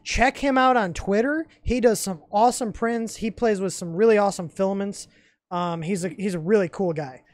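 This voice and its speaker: A young man with a fairly high voice, talking bluntly and joking in a casual live stream chat. The sound is close and dry, with no room around it. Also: moderate pace, no echo.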